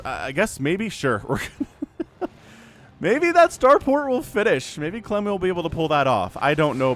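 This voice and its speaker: A man casting a video game match on his own, with energetic, playful play-by-play commentary. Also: mid-range voice. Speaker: esports caster. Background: faint background music.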